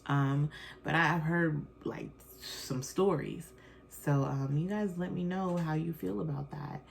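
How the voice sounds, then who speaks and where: A woman's voice: sits low, slow pace, vocal fry, soft background music. A woman hosting her own podcast, a mother talking candidly and rambling a bit, with fillers and self-corrections. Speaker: podcast host; mother of children. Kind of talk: casual solo podcast chat.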